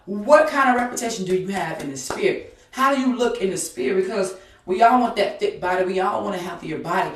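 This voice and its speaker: A woman's voice: medium pitch, animated, brisk, a bit bright. A woman preacher from Georgia delivering a fervent, repetitive sermon of encouragement. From Georgia, USA. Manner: fervent, repetitive exhortation with rising intensity. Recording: echoey room, voice from a distance.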